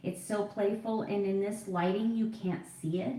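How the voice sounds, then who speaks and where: In a casual get-ready-with-me video, a vlogger in her forties rambles and pokes fun at herself while applying makeup at home. Her medium-pitched voice is mellow and steady at a normal speed, and the low-quality recording has a roomy sound.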